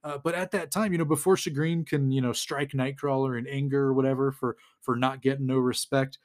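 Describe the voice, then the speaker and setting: A man's voice: mid-range voice, steady tone, brisk. A man who hosts a podcast, casually recapping a comic book in a rambling way, chuckling and acting out the dialogue.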